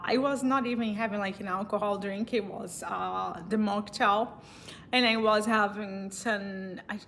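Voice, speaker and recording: Bright-voiced Brazilian woman telling a story. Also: mid-range voice, slight background noise. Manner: chatty, laughs often, many fillers and restarts. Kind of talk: casual storytelling.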